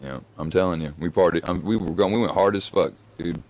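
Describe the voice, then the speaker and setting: A former infantry soldier chatting casually, telling rambling, profane stories. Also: male voice, low-pitched, a little fast, a little mellow. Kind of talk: casual chat. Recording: dull lo-fi recording.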